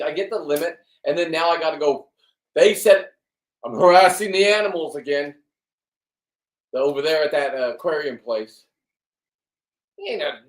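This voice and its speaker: A man in his fifties rambles in a loose, profane monologue, cracking crude jokes with a slightly high voice. He sounds set back from the mic, in a roomy, echoing space. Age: 50s. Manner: crude, profane, loud and joking. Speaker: fishing and diving vlogger. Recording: roomy, from a distance.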